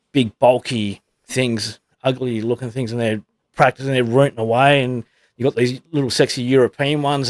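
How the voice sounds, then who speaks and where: Laughing joke-teller. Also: male voice, mid-range voice, no room sound. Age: middle-aged. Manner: laughs through his storytelling. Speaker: podcast co-host. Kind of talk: joke telling.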